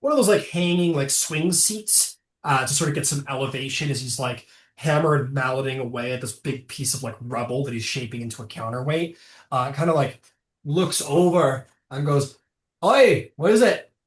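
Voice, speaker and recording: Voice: medium pitch, moderate pace, reverberant. A game master narrating a tabletop game in a rambling way, full of fillers and self-corrections.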